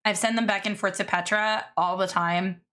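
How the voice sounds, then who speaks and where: A woman streamer chatting casually as she reacts to videos, excitable and gushing, swearing freely. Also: medium pitch, moderate pace. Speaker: VTuber streamer.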